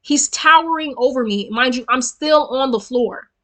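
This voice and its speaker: Bright-voiced young woman ranting a storytime. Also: high voice, normal speed. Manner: animated, profane and emphatic, talking straight to viewers. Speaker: storytelling vlogger. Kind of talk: casual storytime rant.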